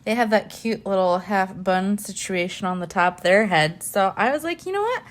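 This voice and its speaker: A woman's voice: mid-range voice, moderate pace. A woman vlogger chatting casually to her viewers, rambling with lots of fillers and laughs. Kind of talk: casual chat.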